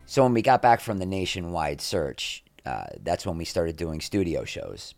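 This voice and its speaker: A man appears as an interview guest, telling candid backstage anecdotes in a rambling way with frequent restarts, and breaking into raised voices to act out the people he quotes. His voice sits low, expressive, with vocal fry at a normal speed, heard over music.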